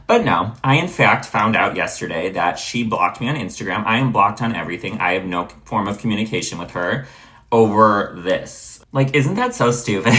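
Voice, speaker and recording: A man's voice: on the low side, lively intonation, moderate pace, bright, forceful tone. A young man telling a storytime vlog rant, exasperated and blunt, swearing freely as he vents. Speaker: vlogger.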